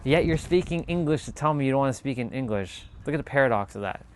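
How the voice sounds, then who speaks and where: A man telling a casual, animated story in a monologue, swearing freely and acting out the people in it with quoted voices. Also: medium pitch, fast talker, a little hiss or hum. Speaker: spiritual talk host.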